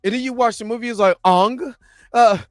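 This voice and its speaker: A man co-hosting a podcast in casual chat, animated and slangy, laughing often. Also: very high voice, racing, dry recording, studio quality. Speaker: podcast co-host.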